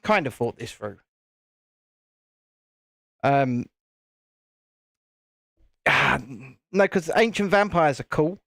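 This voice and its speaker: Man, live-stream host, chatty, laughs a lot, casual swearing, lively swooping voice, dry close sound. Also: fairly high pitch, takes it slowly, pauses often, dry recording. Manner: chatty, laughs often, mild swearing, restarts. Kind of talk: casual live-stream chat while building.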